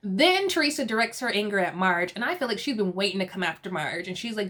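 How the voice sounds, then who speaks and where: A woman's voice: medium pitch, normal speed, a bit bright. A woman casually recapping a reality TV episode, chatty and laughing often as she acts out the quotes. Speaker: TV recap host.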